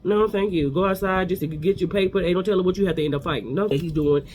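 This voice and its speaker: Man, high voice, rapid gossipy recap delivery, animated. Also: slightly rough. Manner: animated, gossipy, acts out quotes. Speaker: recap host. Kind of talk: casual reality TV recap.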